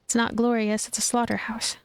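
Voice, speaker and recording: A woman's voice: a little high, little pitch movement, a little fast, smooth, dry recording, lightly acted. A woman voicing a wounded female ex-soldier in a video game, sounding weary and shaken.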